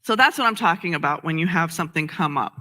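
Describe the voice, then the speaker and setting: A woman minister delivers a casual, conversational sermon with a very bright, sharp tone. She is animated, slips into little acted-out scenes and laughs often. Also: deep voice, fast talker.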